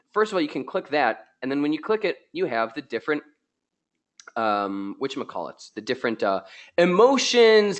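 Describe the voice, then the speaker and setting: Excitable, chatty man hosting a tutorial. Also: mid-range voice. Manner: excitable, chatty, jokes with viewers. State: a little tired from illness. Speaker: software tutorial host. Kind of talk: live screen-share tutorial.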